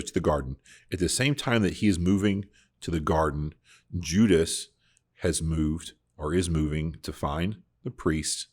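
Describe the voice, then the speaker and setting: Low husky-voiced man hosting a podcast. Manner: earnest, reflective, with frequent restarts. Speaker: podcast host. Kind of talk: casual Bible discussion podcast.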